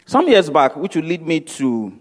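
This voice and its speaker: Speaking at a normal pace in a slightly high, very animated voice, this Nigerian-accented man delivers a motivational talk. He tells stories and acts out the dialogue, repeating lines for emphasis, while long hall reverb trails his words.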